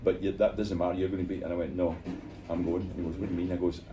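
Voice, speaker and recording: An older Scottish man, a former footballer, telling animated stories in an interview and acting out the voices of people he quotes. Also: deep voice, very fast. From Scotland. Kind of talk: storytelling interview in a bar. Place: bar. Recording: distant mic, noisy bar.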